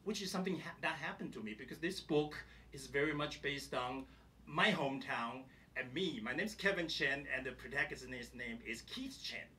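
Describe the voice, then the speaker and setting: A man, an author at a reading event, telling an animated, laughing story and reading a passage aloud. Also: mid-range voice, normal speed. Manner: animated, acts out quoted voices with laughter. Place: event hall. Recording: distant mic with faint room noise.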